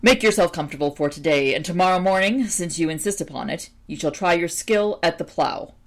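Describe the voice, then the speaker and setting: A woman's voice: lowish voice, a little fast, natural voice. A woman reading as a sour scheming old king. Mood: falsely polite. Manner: muttering, spiteful.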